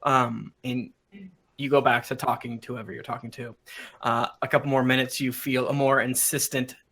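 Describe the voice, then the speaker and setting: A man's voice: mid-range voice, flat delivery, normal speed, a bit bright. A man narrating as game master of a live-streamed tabletop game, in a rambling way with many fillers.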